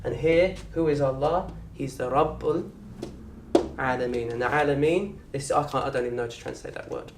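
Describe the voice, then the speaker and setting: A man with a southern English accent teaching an Arabic course in a lecture room. He talks in a lively way, quizzes the audience and acts out little scenes. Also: medium pitch, a little fast, noisy background. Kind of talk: lecture to an open day audience. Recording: roomy echo from a distant mic.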